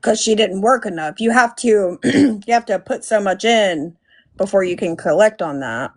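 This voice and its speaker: A woman's voice: medium pitch, moderate pace. A woman hosting a casual live commentary stream, blunt and profane, thanking viewers by name. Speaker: livestream host.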